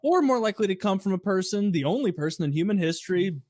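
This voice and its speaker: A man co-hosting a casual comedic podcast, laying out a conspiracy theory in a laid-back way and reading quotes aloud deliberately. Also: high voice, lively intonation, darkish tone, dry recording, studio quality.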